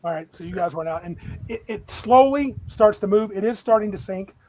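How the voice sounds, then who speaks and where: A man running a tabletop game as game master, describing scenes in a lively, rambling way. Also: sits high, a little fast, a little hiss or hum, low-quality recording.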